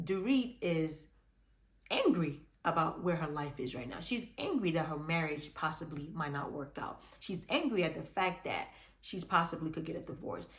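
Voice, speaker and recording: A woman's voice: on the low side, roomy sound. A woman giving a chatty, opinionated recap of a reality show, full of restarts and fillers. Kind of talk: casual recap commentary.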